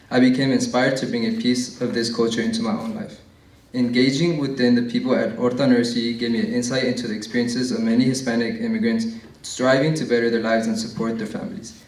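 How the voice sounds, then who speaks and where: A teenage student reading his own essay aloud at an award event, plain and a little nervous, with some slips. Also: mid-range voice. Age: teens. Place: large library event hall. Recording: echoey room from far off.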